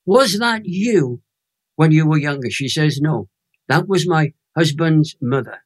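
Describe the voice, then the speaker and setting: Animated older Welsh man telling a story. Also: a little high, measured pace. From Wales. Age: 80s. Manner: animated storyteller, emphatic and emotional. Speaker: guest evangelist. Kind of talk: telling a personal faith story.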